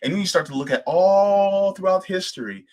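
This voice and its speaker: A man's voice: sits high, expressive, normal speed, darkish tone. A man hosting a political livestream, arguing fiercely, firing off rhetorical questions and swearing now and then. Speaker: host.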